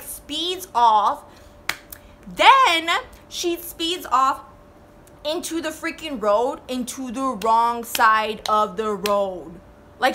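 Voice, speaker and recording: A woman in her twenties telling a storytime vlog in a casual, animated way, swearing and saying "like" a lot. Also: high-pitched, a little hiss or hum. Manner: animated, swearing, full of "like" fillers.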